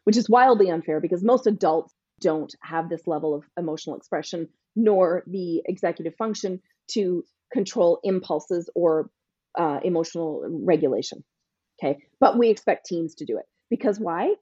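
A woman coach talks on a podcast in a punchy, emphatic way, now and then acting out both parent and teen. Her voice is mellow and husky, and the recording sounds dry and a little dull. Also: fairly low pitch, animated, moderate pace, no echo. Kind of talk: podcast interview answer.

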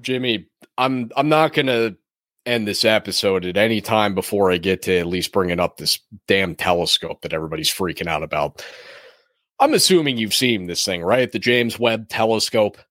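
A young man co-hosts a podcast in relaxed, teasing conversation. His voice sits mid-range and sounds dry and close to the mic. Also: lowish voice, normal speed, dry recording. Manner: easygoing, teasing banter. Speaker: podcast co-host. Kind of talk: casual chat.

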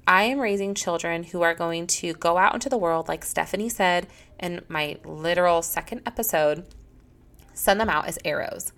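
A woman in her thirties hosting a solo Christian parenting podcast, talking earnestly and heartfelt, often acting out conversations with her children. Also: on the low side. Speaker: podcast host.

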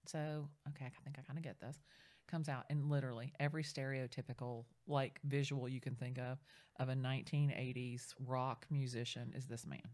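A middle-aged woman in casual chat, telling a story with lively, acted-out quotes. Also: extremely low pitch, a little fast. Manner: animated storyteller, acts out quoted voices. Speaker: real estate agent.

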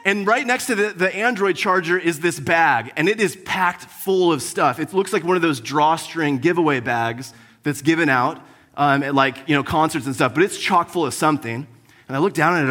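Animated young man preaching a story. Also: on the high side, moderate pace. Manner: animated storytelling, acts out his own frustration. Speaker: pastor. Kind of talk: sermon with personal story.

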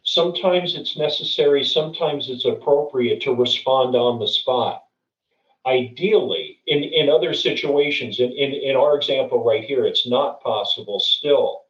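A man's voice: medium pitch, moderate pace, fairly bright tone. Earnest middle-aged man in an echoey room. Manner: earnest, with frequent restarts and repeated words. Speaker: guest speaker. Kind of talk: conversational storytelling and advice. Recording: dull, distant, roomy recording.

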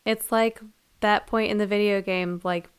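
Clear-voiced woman, chatty podcast talk. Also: mid-range voice, steady tone. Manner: quick, chatty, laughs easily. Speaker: podcast co-host. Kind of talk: casual chat.

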